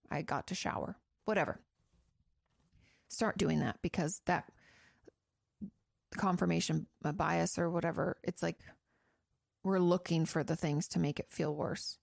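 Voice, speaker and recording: A woman's voice: lowish voice, gravelly, darkish tone, no echo, studio quality. A frank woman who used to be a therapist, giving casual, chatty advice with some swearing. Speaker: host, former therapist answering listener questions.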